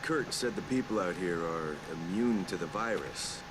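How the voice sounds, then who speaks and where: A man's voice: deep voice, animated, normal speed. A wary survivor hero in a game, dry and skeptical. He sounds like an ordinary man set against heavy background noise.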